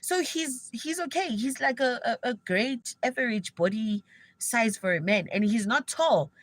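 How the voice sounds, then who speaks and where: Woman, South African accent, young adult, livestream storytelling, excitable, slangy, slightly high voice. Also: unhurried, dry recording, low-quality recording. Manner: animated, excitable gossip with slang. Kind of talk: casual storytelling on a live stream.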